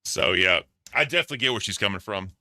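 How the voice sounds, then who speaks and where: Male host, deep bright voice, loose and profane. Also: expressive, fast talker, no room sound. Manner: profane, joking. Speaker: podcast host. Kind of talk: casual chat.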